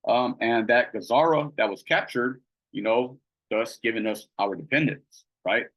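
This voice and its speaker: Over rough audio, a man with a medium-pitched, slightly bright voice speaks at normal speed. He's running a casual Bible study, reading verses aloud, leaning on fillers and regularly asking "right?"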